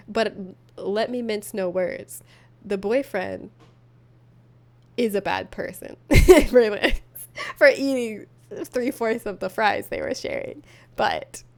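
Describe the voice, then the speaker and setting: A woman streaming casually, reading posts aloud and reacting with frequent laughter. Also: mid-range voice. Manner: dry, exaggerated reading voice. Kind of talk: casual livestream commentary.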